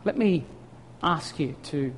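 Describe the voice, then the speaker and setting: A middle-aged Australian man preaching a sermon as a story, swinging from lively to hushed. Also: fairly high pitch, slow pace, slight background noise. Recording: long reverb of a large hall.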